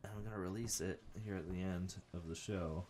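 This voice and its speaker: A man's voice: a little fast, slight background noise. A young man hosting a comedy podcast, rambling through a story and acting out the other people in it. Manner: animated, acts out quoted voices with big pitch jumps. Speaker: podcast host. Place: home studio with a whiteboard.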